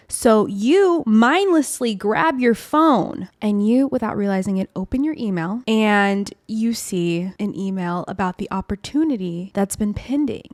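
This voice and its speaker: A woman's voice: mid-range voice, a little mellow, dry recording, clean studio sound. A woman hosting her own podcast, telling a personal story in a candid, chatty way, full of "like" and "literally". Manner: chatty, confessional, with frequent 'like' and 'literally'. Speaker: podcast host. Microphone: podcast microphone.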